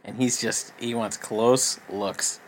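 A man's voice: medium pitch, fairly even intonation, takes it slowly, a little hiss or hum. Dry male podcast host reading odd news. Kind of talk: casual comedic podcast banter.

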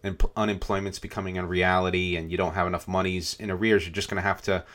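Low, bright-voiced male podcast host. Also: level tone, fast. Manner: conversational, reads headlines aloud, frequent fillers. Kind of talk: casual podcast discussion.

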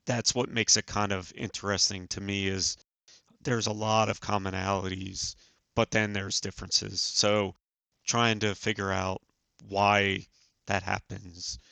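A man in his forties, a podcast guest, telling a personal story in an earnest, halting way with many fillers. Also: on the low side, flat delivery, gravelly, bright, forceful tone, no room sound. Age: 40s. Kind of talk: casual storytelling.

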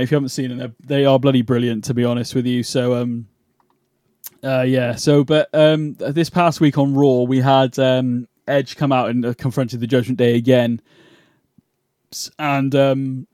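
A man's voice: mid-range voice, steady tone, normal speed, warm tone, no echo, clean studio sound. A man from the UK hosting a casual wrestling podcast, rambling with many fillers and restarts. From United Kingdom. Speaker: podcast host. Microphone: remote call setup.

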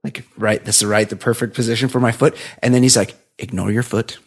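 A man co-hosting a podcast, telling a long rambling story in casual chat and dropping into a low flat voice to mimic others. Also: fast talker. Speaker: podcast co-host.

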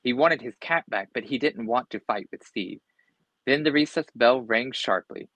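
A man's voice: mid-range voice, normal speed, fairly bright tone, no room sound, poor audio. A man reading a children's storybook aloud expressively, with occasional slips and restarts. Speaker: storybook reader.

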